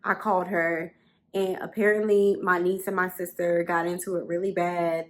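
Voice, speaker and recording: A woman's voice: lowish voice, little pitch movement, moderate pace. A young adult woman telling a story to camera in a casual, chatty way from a bedroom at home, repeating phrases for emphasis. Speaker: vlogger.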